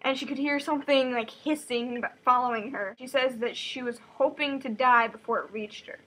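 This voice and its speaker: A woman's voice: a little high, fairly bright tone, rough recording. A woman casually summarizing a novel chapter, chatty and full of "like" fillers. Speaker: host reading a novel aloud. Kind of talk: casual book summary with asides.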